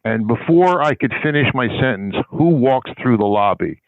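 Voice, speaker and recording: A man's voice: medium pitch, lively intonation, moderate pace, dry recording. An older man, a guest on a sports public relations interview, tells a long anecdote in a rambling, conversational way and acts out the people in his story. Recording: tinny phone-line audio, dry.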